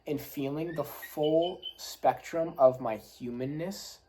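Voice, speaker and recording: A man's voice: fairly high pitch, slow, warm tone, slight background noise, poor audio. A man hosting a podcast, telling a personal story in a candid, rambling way with many fillers, his legs still shaking a little. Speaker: podcast host.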